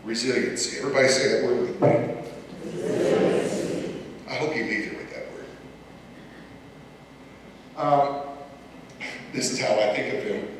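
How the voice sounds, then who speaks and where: A man's voice: medium pitch, unhurried, long pauses, background noise. An older man from the United States speaks to an audience at an alumni reunion, telling folksy anecdotes and addressing the listeners directly. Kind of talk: storytelling speech to an audience. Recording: echoey hall, distant mic, faint ambience.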